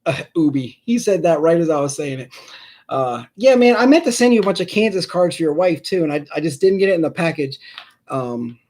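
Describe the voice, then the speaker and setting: A man hosts a casual sports card live stream, chatting at length in a fairly high voice. He rambles through his points, pokes fun at himself and calls out viewers in the chat by name. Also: animated, a little fast, a little mellow.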